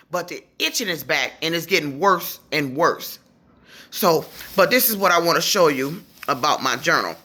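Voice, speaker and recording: A woman's voice: lowish voice, pushed and bright. A woman telling a long, rambling, profane story about her grievances in a casual vlog from her apartment. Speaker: vlogger.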